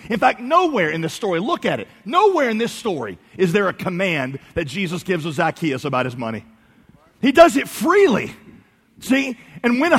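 A man preaching a sermon, swinging between soft low emphasis and loud, high outbursts. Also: breathy edge, in a large hall. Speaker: pastor.

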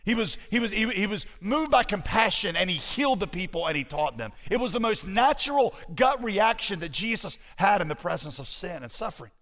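Male pastor, sermon, fairly high voice, lively conversational preaching, long hall reverb. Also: a little fast, few pauses.

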